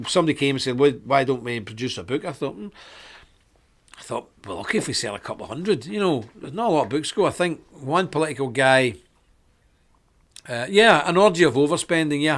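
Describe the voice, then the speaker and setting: A middle-aged man, hosting a live web show in a forceful, preachy way with sudden bursts of emphasis. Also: mid-range voice. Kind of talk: live-streamed preaching talk.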